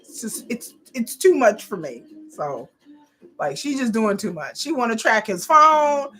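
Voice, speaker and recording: A woman's voice: a little high, big pitch swings, measured pace, bright, forceful tone, faint music behind. A woman in her forties recapping a reality show, blunt and profane, exasperated and repeating herself when riled. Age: 40s. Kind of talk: casual live episode commentary.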